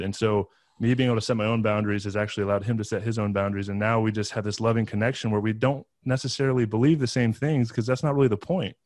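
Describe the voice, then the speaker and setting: A man's voice: fairly low pitch, fairly even intonation, quick pace, few pauses, a little mellow, dry recording. A man talking as a podcast guest, earnestly telling a personal story with frequent restarts and fillers.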